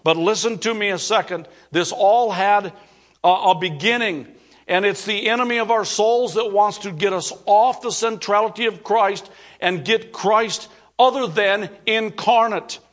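A man's voice: high-pitched, a little slow, fairly bright tone. A male pastor preaching a sermon, earnest and emphatic, repeating key phrases for weight.

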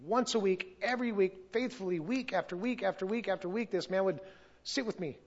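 A man's voice: high-pitched, a little fast, highs cut off. A middle-aged man giving a personal testimony at a church service, earnest and emotional, sometimes losing his place.

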